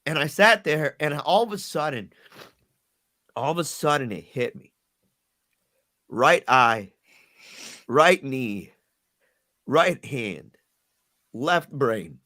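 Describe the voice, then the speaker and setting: A middle-aged man telling a painful personal story as a podcast guest, earnest and halting, often repeating words as he goes. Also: medium pitch, sing-song, bright, forceful tone.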